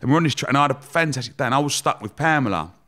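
Man, young adult, casual interview guest, animated storyteller, swears freely, mid pitch. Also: rapid-fire. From Romford, England. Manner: animated, swears, acts out quoted voices. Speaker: guest entrepreneur.

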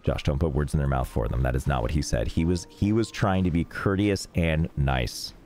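A young man casually streaming a game, rambling and joking in deadpan asides. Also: rumbling low, normal speed. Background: faint game music.

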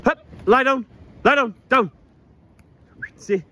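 High-pitched man cooing at his dog. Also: expressive, a little slow, pauses often, fairly bright tone, a little hiss or hum. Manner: coaxing the dog in a high sing-song voice, swears freely. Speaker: vlogger walking his dog. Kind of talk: casual chat while walking a dog. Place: outdoors on a coastline.

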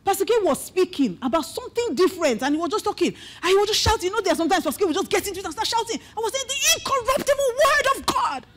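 A middle-aged woman with a Nigerian accent preaches a testimony sermon, her voice sitting notably high. She tells the story with animated flair and slips into Pidgin asides along the way. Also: rapid-fire, few pauses, slight background noise. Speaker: pastor.

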